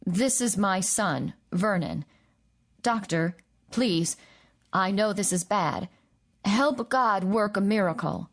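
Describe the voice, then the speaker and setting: A man's voice: sits high, expressive, slow, a bit bright, heavily acted. A woman reading the part of a worried older farmer, a father with a slight German accent, in an audiobook. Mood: pleading.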